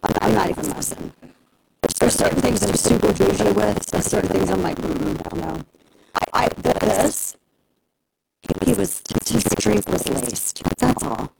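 Sarcastic woman talk-show host, gravelly. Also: mid-range voice, unhurried. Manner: sarcastic, animated, mocking. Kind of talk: opinionated talk show rant. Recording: noisy broadcast audio.

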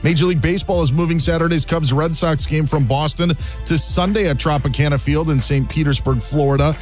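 Brisk male sports update reader. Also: fairly high pitch, fairly even intonation, faint music behind. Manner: quick, clipped news delivery. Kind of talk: brisk sports news read.

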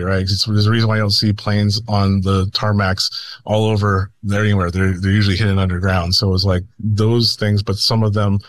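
A man with a fairly low voice talks as a radio show guest. He rambles, restarts his sentences and laughs nervously. The sound is dry and close. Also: dry recording. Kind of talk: radio interview talk.

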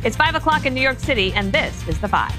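A woman hosting a TV panel talk show, brisk and conversational as she opens the hour and leads into clips. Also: sits high, loud music behind the voice. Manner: brisk, conversational, lively intros. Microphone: studio mic. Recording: dry studio sound.

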